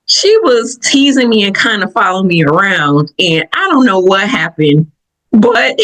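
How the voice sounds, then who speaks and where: A woman from Michigan with a Southern accent, hosting a podcast and telling personal stories in an animated way, laughing often. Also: mid-range voice, moderate pace, rough recording. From Michigan, USA. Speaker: podcast host. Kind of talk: personal reflective talk.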